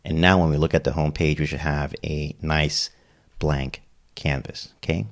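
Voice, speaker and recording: Male tutor, extremely deep voice, casual step-by-step software walkthrough. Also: level tone, normal speed. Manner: step-by-step, casual, frequent "okay?" check-ins. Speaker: web design tutor. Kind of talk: screen-recorded software tutorial.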